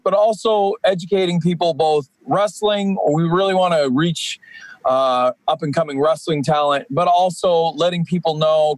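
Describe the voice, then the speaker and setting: Podcast guest: energetic rambling man in his forties, fairly high voice, dry close sound. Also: no echo. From Canadian East Coast. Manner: rambling, energetic, many fillers. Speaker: guest, professional wrestler. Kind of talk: casual podcast chat.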